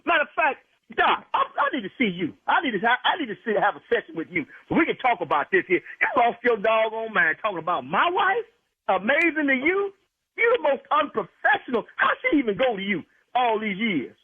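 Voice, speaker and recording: A man's voice: high voice, sing-song, fast, hardly any pauses, husky, dry recording. A man on a prank call, indignantly defending his wife and repeating the caller's words back in disbelief. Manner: indignant, protective, repeats phrases back angrily. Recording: tinny phone line.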